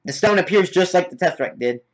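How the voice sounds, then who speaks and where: Excited man retelling a movie. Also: sits high, quick pace. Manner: excited play-by-play retelling with sound effects. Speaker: movie reviewer. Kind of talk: casual spoken movie review. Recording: dull lo-fi recording.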